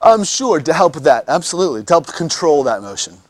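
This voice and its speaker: A man's voice: a little high, big pitch swings, fairly quick, darkish tone, no room sound. A man teaching anatomy in a classroom lecture, joking with students and often repeating words as he restarts.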